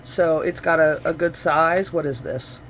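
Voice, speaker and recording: A woman's voice: deep voice, a little slow, slight background noise. Rambling chatty woman crafter. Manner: rambling, chatty, self-correcting. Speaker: craft vlogger. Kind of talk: casual crafting demo. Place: home craft studio. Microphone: camera microphone.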